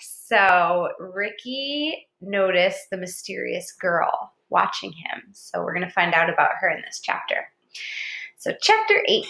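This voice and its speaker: A woman teacher reads a novel chapter aloud to her class, slow and expressive. Her voice is bright and crisp, and it rings in a roomy, echoing space. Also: on the low side. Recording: echoey room.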